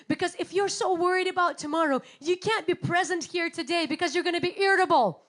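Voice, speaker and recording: High-voiced woman preaching with animated storytelling. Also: fast. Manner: animated storytelling, acts out quotes with big swings in loudness. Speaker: pastor. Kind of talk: sermon.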